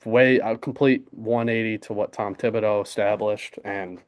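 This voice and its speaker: A man's voice: fairly low pitch, steady tone, moderate pace. A young man, co-hosting a podcast in casual, rambling sports chat full of fillers and restarts. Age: young adult. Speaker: podcast co-host.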